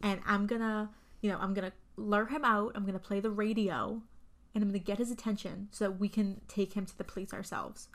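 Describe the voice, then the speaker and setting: A woman voicing an older man who is falsely calm and reassuring, in an offhand retelling voice. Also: mid-range voice, fairly quick, lightly acted.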